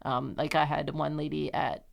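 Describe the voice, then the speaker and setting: A young woman telling stories softly in casual conversation, with many fillers. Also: low voice, little pitch movement, normal speed, gravelly. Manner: soft, storytelling with many fillers. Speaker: podcast guest.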